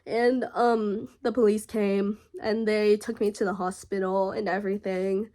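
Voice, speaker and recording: A young woman vlogger telling a personal story in a halting, emotional way, with frequent fillers and pauses. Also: mid-range voice, level tone, mellow.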